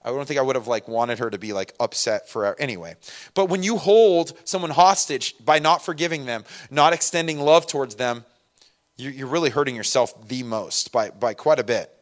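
A man preaching a relaxed, conversational sermon, full of asides and personal stories. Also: mid-range voice, a little fast. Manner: conversational, many fillers and asides. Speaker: pastor. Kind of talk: casual sermon.

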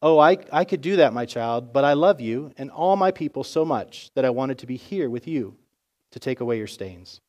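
A man voicing a kind, calm king who speaks softly and reassuringly. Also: mid-range voice, normal speed, lo-fi sound, close to an everyday voice. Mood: gentle. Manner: soft, gentle, reassuring.

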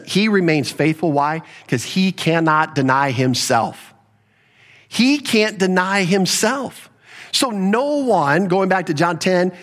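A man's voice: fairly high pitch, a bit bright, long reverb tail. A man giving sermon-style Bible teaching, explaining step by step and leaning hard on key verses.

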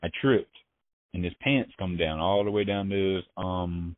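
Low-pitched man, profane street-slang storyteller, halting restarts, heard over a tinny phone line. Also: fairly even intonation, no echo. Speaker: interviewee. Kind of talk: casual storytelling.

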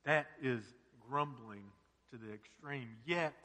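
A man's voice: mid-range voice, slow pace, bright, forceful tone, long reverb tail. A man preaching a sermon as pastor, earnest and full of rhetorical questions.

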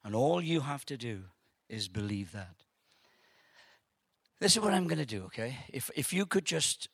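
A man preaching a testimony sermon, telling his story with animated, halting repeats and dropping softly into an invitation to pray. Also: mid-range voice, husky, no echo, clean studio sound.

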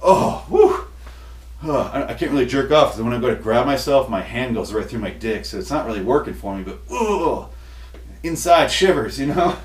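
A man's voice: medium pitch, expressive, normal speed, lightly acted. A man voicing a frustrated, lewd male ghost who groans and whines about his troubles. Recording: roomy echo, distant mic.

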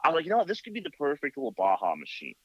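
A motorcycle builder telling a long story in casual chat, full of "like" and "you know.". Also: male voice, on the high side, huge pitch swings, racing, slightly rough, no echo. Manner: rambling, filler-heavy with many "like" and "you know". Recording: dull lo-fi, dry sound.

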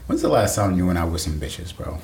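A man's voice: sits low, very animated, brisk, darkish tone. A man co-hosting a casual podcast, crude and teasing, laughing often and calling people "bro". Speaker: podcast co-host. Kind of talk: casual chat. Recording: echoey room with faint noise.

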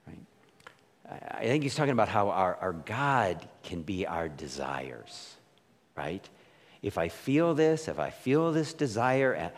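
A male pastor delivers a casual, questioning sermon, checking in with "right?" after his points. His voice climbs and dips with lively swings in pitch. Long reverb from a large hall trails each phrase. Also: unhurried. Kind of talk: conversational sermon.

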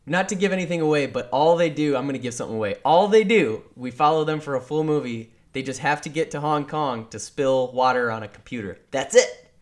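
A man co-hosts a casual podcast with a slightly higher voice than most men. He rants in an animated, profane way and swears freely. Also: fast, hardly any pauses. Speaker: podcast co-host. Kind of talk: casual chat.

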